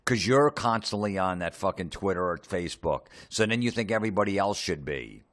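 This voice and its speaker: Deep-voiced man in a profane rant. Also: expressive, a little fast, a bit bright. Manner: sarcastic, swears constantly, mocks people in put-on voices. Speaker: comedian ranting.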